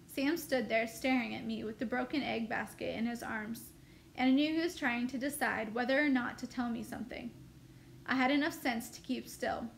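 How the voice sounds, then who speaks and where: A woman teacher reading a novel aloud with steady first-person storytelling. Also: a little high, a little hiss or hum.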